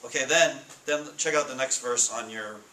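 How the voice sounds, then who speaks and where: A man giving a casual sermon to students, asking the room questions and reading scripture slowly. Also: mid-range voice, sharp tone. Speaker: Bible study speaker. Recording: echoey room with faint noise.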